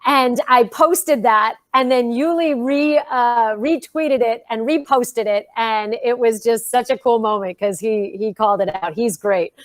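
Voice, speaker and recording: A woman's voice: on the high side, a little slow, hardly any pauses, no room sound. A woman from Queens with a New York accent, co-hosting a casual panel show and telling stories with emphatic energy. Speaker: co-host and reporter. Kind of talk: casual panel chat and opinion segment.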